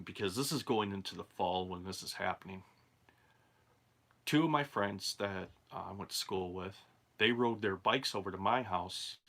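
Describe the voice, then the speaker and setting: A man's voice: lowish voice, pushed and bright. Man casually telling a ghost story. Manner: rambling, conversational, with many asides and fillers. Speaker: channel host and storyteller.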